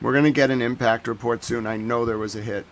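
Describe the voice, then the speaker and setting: A man giving excitable live commentary on footage as a streamer, slangy and repetitive, swinging between hushed and loud. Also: mid-range voice, fast talker, a little hiss or hum. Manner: slangy, repeats phrases.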